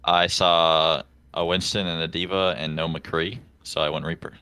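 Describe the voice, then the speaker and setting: A man's voice: sits low, little pitch movement, a little slow, pushed and bright, clean tone, no room sound. A man answering post-match interview questions as a player, terse and laconic.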